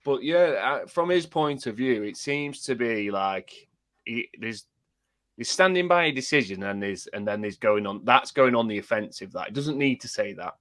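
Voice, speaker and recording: Measured man explaining football. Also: medium pitch, lively intonation, a bit bright. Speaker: podcast co-host. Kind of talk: casual football chat.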